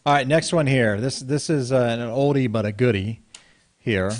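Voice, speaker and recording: A man hosting a casual real estate talk show, relaxed and laughing along as he moves between segments. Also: mid-range voice, normal speed. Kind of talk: casual banter.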